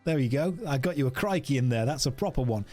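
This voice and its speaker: A man's voice: medium pitch, expressive, fast talker, darkish tone, faint music behind. A man chatting playfully with viewers during a casual game stream, joking as he plays.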